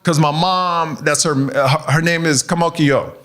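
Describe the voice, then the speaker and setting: A male stand-up comedian doing crowd work in a club, animated and often laughing at his own jokes. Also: a little high, moderate pace. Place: comedy club stage with audience.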